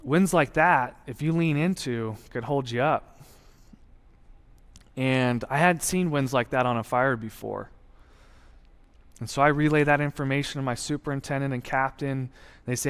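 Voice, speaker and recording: A man in his thirties giving a personal testimony, earnest and reflective, telling his story with deliberate pauses. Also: mid-range voice, fairly bright tone, clean tone. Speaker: guest speaker sharing testimony. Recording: long hall reverb.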